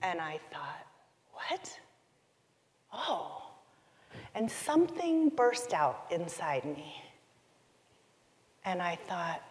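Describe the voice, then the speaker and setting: Middle-aged woman keynote speaker, lower voice, unhurried confessional storytelling, long hall reverb. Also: expressive, darkish tone. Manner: confessional, emotive, deliberate pauses. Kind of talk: personal storytelling talk.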